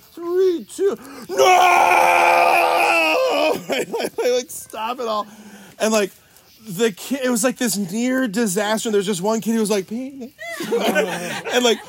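A middle-aged man, a sex education teacher, tells classroom stories and gives advice in a lively way, laughing often and acting out his students' voices. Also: high-pitched. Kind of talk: animated storytelling and advice.

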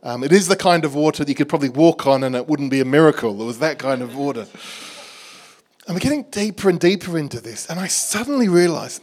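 A middle-aged Australian man preaching, telling a lively story and acting out the dialogue with a laugh in his voice. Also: a little high, fast. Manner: animated storyteller, acts out dialogue, laughs at himself. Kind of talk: storytelling sermon.

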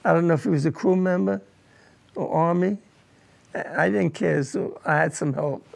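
An older man, a war veteran, telling his combat memories in an oral history interview, halting and repeating words as he goes. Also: on the high side, gravelly.

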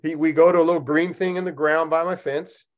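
A man with a somewhat high voice hosts a casual podcast. He tells stories with lots of laughter and acts out the other people's lines in a lively way. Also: fairly quick. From Oregon, United States. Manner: animated, laughing, acts out dialogue. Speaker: podcast host. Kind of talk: casual comedic storytelling.

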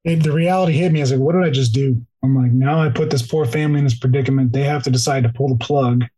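A man's voice: mid-range voice, quick pace, warm tone, slightly rough, low-quality recording. A man guest on a podcast telling an emotional first-person story, peppered with "like" and restarts, close to tears at times. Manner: heavy use of "like", restarts, tearful. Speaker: podcast guest, police officer.

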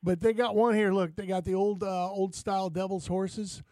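Radio host: man, high voice, dry close studio sound, eager and rambling. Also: level tone, normal speed, mellow, no echo. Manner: enthusiastic, rambling, many restarts. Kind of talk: casual radio chat.

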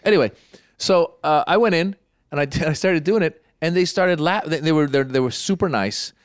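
A man's voice: fairly high pitch, normal speed, clear, resonant tone, dry recording, clean studio sound. A middle-aged man in casual chat, telling a long story and often restarting his sentences. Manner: rambling storyteller, many restarts. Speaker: podcast co-host.

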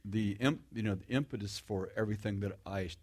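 A man's voice: lowish voice, brisk, darkish tone. A middle-aged man giving a conversational sermon to a live audience, joking about himself, restarting his sentences and asking the listeners questions. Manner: self-deprecating humor, frequent restarts, asks the audience questions. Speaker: preacher.

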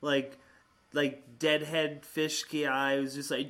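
A man's voice: medium pitch, flat delivery, slow, a bit bright. A man listening to his brother on a call, chiming in with short, laid-back, slangy replies. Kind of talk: casual chat.

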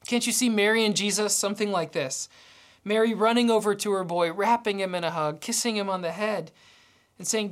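A woman's voice: medium pitch, moderate pace. Woman preaching a storytelling sermon. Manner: storytelling with acted-out dialogue.

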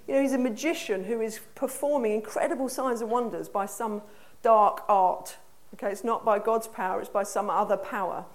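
A woman preacher with an English accent gives a conversational sermon, putting questions to her congregation in a church hall. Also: on the high side.

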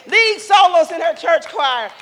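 An older woman giving an impassioned, preacherly speech to young adults, rising to loud emphatic calls. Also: very high voice, expressive, measured pace. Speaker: speaker sharing a mother's wisdom. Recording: long echo of a large hall.

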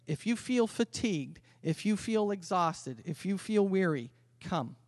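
A man preaching a sermon as pastor, swinging from loud emphatic calls to quiet conversational asides. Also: high-pitched, lively intonation, unhurried, no room sound. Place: church sanctuary.

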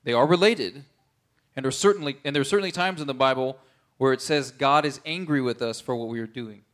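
A man's voice: mid-range voice, brisk, a bit bright. A man preaching a conversational sermon, earnest, often checking in with his listeners.

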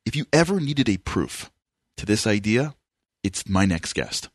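A man from New York hosts a radio interview, speaking with a New York accent. His delivery is animated and emphatic, with a very lively swinging pitch. The sound is dry and close, with no room around it. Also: a little slow, no room sound. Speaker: radio show host.

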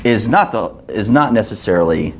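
A man's voice: lowish voice, very animated, normal speed, slight background noise. A man leading an interactive Bible study, asking the group questions and restarting his sentences often.

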